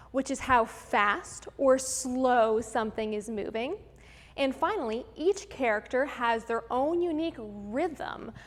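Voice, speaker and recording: A woman hosting a live virtual music lesson for children, explaining each idea clearly and step by step in an upbeat teacher's manner. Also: on the high side. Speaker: host of a children's music program. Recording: long room reverb with faint background noise.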